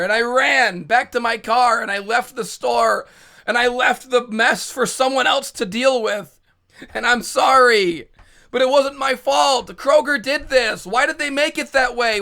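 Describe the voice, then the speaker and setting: A man vlogger telling a profane, exasperated story, often shouting, stumbling over restarts when flustered. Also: extremely high pitch, a little slow, creaky. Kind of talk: ranting storytime monologue.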